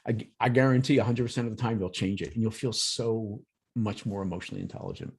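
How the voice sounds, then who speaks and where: A man presenting a workshop in a relaxed, conversational way over a video call, acting out everyday examples. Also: fairly low pitch, breathy edge. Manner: lively, acts out examples in quoted voices. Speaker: workshop presenter on emotional intelligence.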